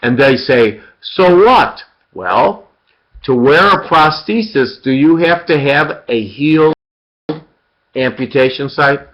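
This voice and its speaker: A man's voice: mid-range voice, animated, slow. A man giving an interactive surgery lecture, quizzing students by name and repeating key points. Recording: dull lo-fi lecture recording.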